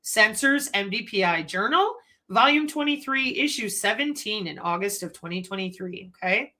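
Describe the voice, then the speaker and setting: A woman hosting her own channel, lecturing in an animated way and asking rhetorical questions. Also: mid-range voice, normal speed. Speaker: channel host. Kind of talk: commentary.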